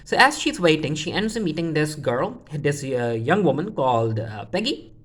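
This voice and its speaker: Low-voiced woman casually recapping a show. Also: very animated, normal speed, breathy edge. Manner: rambling, full of restarts and quoting characters offhandedly. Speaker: TV show reviewer.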